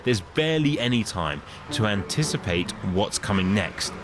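A man giving scripted documentary narration as the presenter, with a lively, expressive delivery. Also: on the low side, moderate pace, noisy background.

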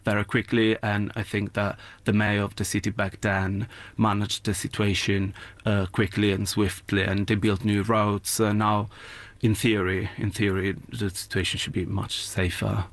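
Hesitant low-voiced male reporter. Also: flat delivery, normal speed, no echo. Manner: hesitant, many fillers and repeats. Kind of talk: live news interview.

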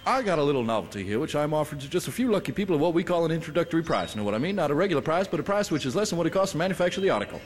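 A man's voice: on the high side, big pitch swings, very fast, few pauses, big-room sound, soft background music. An actor playing a cocky traveling salesman with slick patter who sneers at a trucker. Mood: salesy. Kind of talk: film drama acting.

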